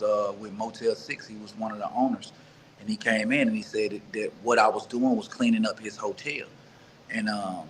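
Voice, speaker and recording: A man from Mississippi recounts his life story to an interviewer in an earnest, halting way, stopping to restart and repeat his words. His voice sits on the lower side, with a faint hiss of background noise. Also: a bit bright, poor audio. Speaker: interview guest. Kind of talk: personal life story in conversation.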